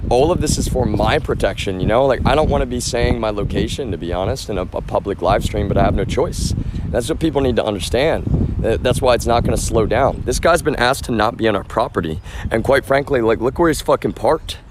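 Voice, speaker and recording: A man's voice: mid-range voice, brisk. A man livestreaming outdoors on a street, talking in an agitated, rambling rant full of swearing and asides to viewers. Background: traffic.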